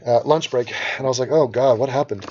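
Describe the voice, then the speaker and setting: A brash, sarcastic Los Angeles man hosts a casual livestream, reading out questions from the chat and answering them. His medium-pitched voice is fast and a little mellow, with slight background noise in the dull, lo-fi stream audio.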